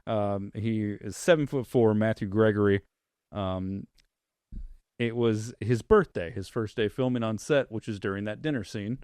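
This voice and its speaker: A man's voice: on the low side, a little slow, a little mellow, clear, resonant tone, no echo, studio quality. A man hosting a horror movie podcast, casually retelling scenes in a rambling, swearing way. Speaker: podcast host. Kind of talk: casual chat.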